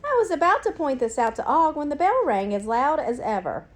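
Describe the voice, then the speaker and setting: Expressive woman reading a storybook. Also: high voice. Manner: expressive, unhurried, with gasps and sudden bursts. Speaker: narrator.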